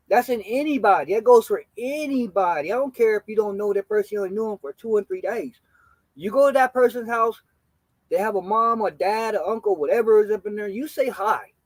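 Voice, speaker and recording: A man's voice: high-pitched, brisk, no room sound, rough recording. A man in his forties, a gaming streamer telling stories on a casual live stream in a laid-back, slangy way, swearing freely and greeting his chat.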